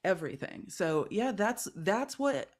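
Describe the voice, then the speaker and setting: In a relaxed conversation, a woman who is a guest creator tells a personal story. She rambles earnestly and fills it with fillers, leaning hard on "like." Her voice is medium-pitched, sing-song and unhurried.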